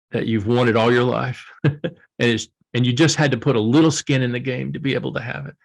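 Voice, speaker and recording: A man's voice: medium pitch, gravelly. An older man being interviewed as an author, speaking earnestly and emotionally, often laughing through his stories. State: tearful. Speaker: guest author. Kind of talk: emotional reflective interview talk.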